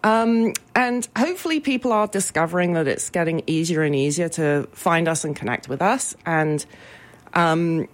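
A woman's voice: on the low side, moderate pace. A woman talking as a guest about her business association's events, upbeat and full of ums. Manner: chatty, many ums, upbeat promotional. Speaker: business improvement association representative. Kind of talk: radio interview guest.

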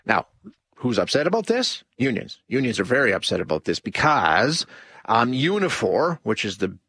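A man's voice: mid-range voice, very animated, normal speed, a bit bright, breathy edge, no echo. A man hosting a call-in talk radio show, rambling with many restarts and fillers. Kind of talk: casual talk radio commentary.

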